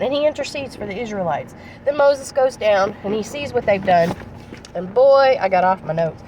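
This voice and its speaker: A woman evangelist retells scripture in a loose, chatty way, backtracking and adding asides as she goes. Her voice sits fairly high, and she is recorded outdoors, some way from the mic, with faint noise behind her. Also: lively intonation, unhurried, a little mellow, distant mic, muffled recording. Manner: conversational, with restarts and asides. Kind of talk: casual retelling of a Bible story.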